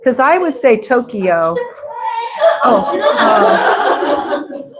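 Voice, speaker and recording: A woman teaching a live English class, speaking slowly and patiently and repeating words so students can follow. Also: a little high, lively intonation, very noisy. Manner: slow, patient, drawn-out repetition of words.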